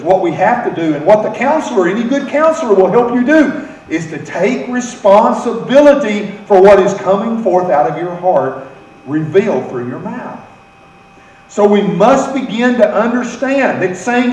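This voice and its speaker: An American pastor with a high-pitched, slightly mellow voice preaches a sermon, having the congregation repeat phrases after him. The mic is far off in an echoey room.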